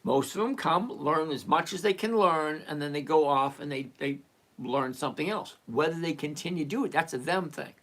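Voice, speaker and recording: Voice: medium pitch, normal speed, fairly bright tone. A live-stream host answering viewers' questions in a blunt, repetitive, lecturing way, with mildly profane, exasperated asides. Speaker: stock trading livestream host.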